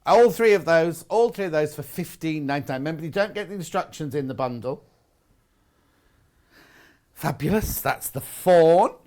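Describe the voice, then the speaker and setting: A man's voice: on the high side, expressive, moderate pace, pauses often, darkish tone. A man presenting a live shopping channel show, chatty and upbeat with small jokes.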